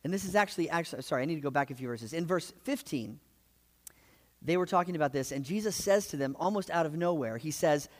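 A man preaching a sermon, retelling gospel stories in a lively, conversational way with frequent asides. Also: on the high side, quick pace. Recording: long hall reverb.

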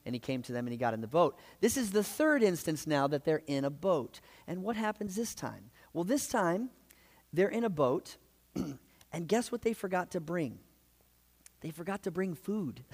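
A man preaching a sermon, retelling gospel stories in a lively, conversational way with frequent asides. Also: sits high. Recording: long hall reverb.

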